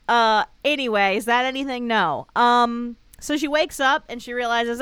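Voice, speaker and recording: A woman's voice: on the high side, normal speed, hardly any pauses, a bit bright, clear, resonant tone, no echo. A woman co-hosting a casual podcast, wryly recapping a show in a loose, rambling way. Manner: wry, rambling storyteller. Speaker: podcast co-host.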